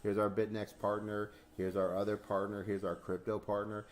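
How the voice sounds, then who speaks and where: Hosting a crypto stream, this man speaks at a moderate pace in a lowish register. He chats casually, spinning animated stories with acted-out dialogue, plenty of swearing and frequent laughter.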